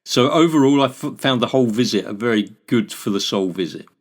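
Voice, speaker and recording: A man's voice: mid-range voice, animated, a little fast. An older man from the United Kingdom, a podcast co-host, chatting casually and telling anecdotes. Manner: chatty anecdotal storyteller, acts out exchanges. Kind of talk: casual chat.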